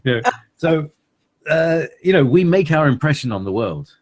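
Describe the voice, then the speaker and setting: A man's voice: on the high side, big pitch swings, moderate pace. A man cohosting a casual chat, rambling with many hesitations and frequent laughs.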